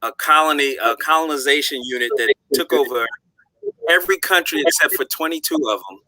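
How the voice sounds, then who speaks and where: A man on a casual panel chat, joking and giving drawn-out explanations. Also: on the high side, pushed and bright, no echo, rough recording.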